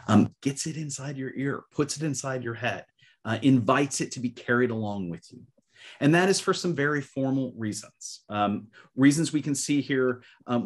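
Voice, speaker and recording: A man teaching literature in an online webinar, reading verse aloud with rhythmic swells, then explaining it with many fillers. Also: mid-range voice. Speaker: literature professor. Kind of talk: webinar lecture with recitation. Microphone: webcam or desk mic on a video call.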